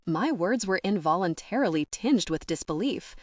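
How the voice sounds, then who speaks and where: A woman narrating a first-person audiobook in an expressive, measured way. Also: medium pitch, dry recording, clean studio sound.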